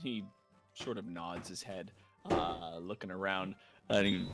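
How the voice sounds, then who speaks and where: Low-voiced man running a tabletop game. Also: unhurried, faint music behind. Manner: relaxed, descriptive, many fillers. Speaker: game master.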